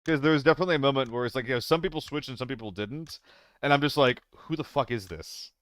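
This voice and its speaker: A man's voice: mid-range voice, racing, fairly bright tone, no echo. Young male streamer, resonant dry voice, casual and profane banter with chat while gaming. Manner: loose and profane, chatting with viewers, flustered in fights.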